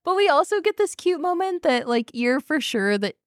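A woman's voice: sits high, moderate pace, no echo, studio quality. A woman co-hosting a podcast, giggling a lot and acting out scenes as she chats about a book. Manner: giggly, animated, acts out scenes. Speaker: podcast co-host. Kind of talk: casual book chat.

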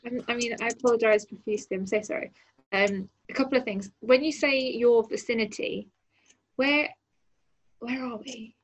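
A woman's voice: a little high, fairly even intonation, moderate pace, rough recording. A woman playing a character in a tabletop role-play game, playful and chatty. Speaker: player.

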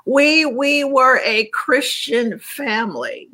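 A woman sharing a personal faith testimony as an interview guest, earnest and measured, often repeating words as she searches for them. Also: high voice, pushed and bright, rough recording.

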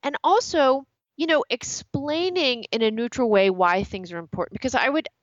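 A woman's voice: sits high, moderate pace, dry recording, muffled recording. A woman guest in a casual interview who tells stories animatedly and acts out quoted dialogue. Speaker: author guest.

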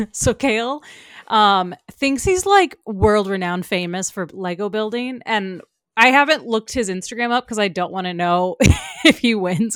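A woman co-hosts a laid-back pop culture podcast, gushing with quick laughs. Her voice comes through smooth and clear, recorded close and dry with no room sound. Her pitch sits in a mid range. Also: dry recording. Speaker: podcast co-host. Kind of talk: casual pop culture chat.

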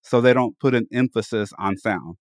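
A man co-hosting a podcast in casual chat, animated, often repeating phrases to pump himself up. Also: mid-range voice, normal speed, dry recording, studio quality. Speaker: podcast co-host. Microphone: studio microphone.

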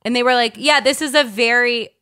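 A woman's voice: on the high side, brisk, smooth, no room sound, clean studio sound. A young woman comedian from Baltimore, telling a rambling story in a casual podcast chat. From Baltimore, USA. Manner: animated, rambling storyteller full of "like". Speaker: guest comedian.

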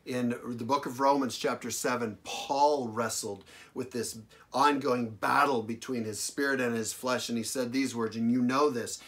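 Man, pastor, sermon, dramatic loud-soft delivery, repeats phrases for emphasis. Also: medium pitch. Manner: dramatic preaching, big swings from loud to hushed.

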